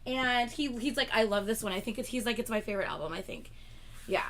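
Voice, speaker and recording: A young woman co-hosts a livestream, chatting casually and rambling, packing her speech with "like" and laughing between lines. Her voice is a little high and fairly bright, and she talks at a quick pace. There's a slight hiss or hum in the audio.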